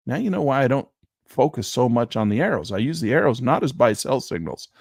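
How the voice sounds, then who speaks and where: A man's voice: mid-range voice, sing-song, brisk, creaky, a little mellow, slightly rough, no room sound, studio quality. A man teaching chart trading on a screen share, talking emphatically with rhetorical asides. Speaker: trading instructor.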